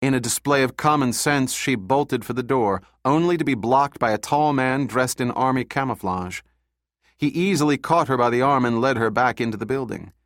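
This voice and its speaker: A man reading an audiobook in a steady, measured narration. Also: medium pitch, no room sound, studio quality.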